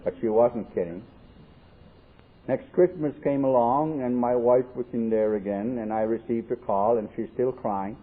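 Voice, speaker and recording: A man's voice: mid-range voice, moderate pace. Man telling jokes on an old tape. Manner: folksy, joking storyteller acting out dialogue. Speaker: AA convention speaker. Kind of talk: storytelling recovery talk. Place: convention hall. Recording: tinny lo-fi 1979 tape, faint hiss.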